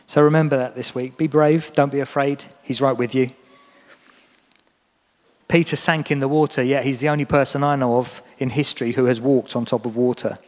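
A man's voice: mid-range voice, steady tone, moderate pace. A man preaching a sermon in a church, talking earnestly and encouragingly to the congregation. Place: church hall. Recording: long reverb of a church hall.

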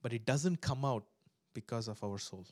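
A man preaching a sermon to a live and online congregation, swinging between loud exhortation and hushed prayer, and acting out voices in his stories. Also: mid-range voice, normal speed, dry recording. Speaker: pastor.

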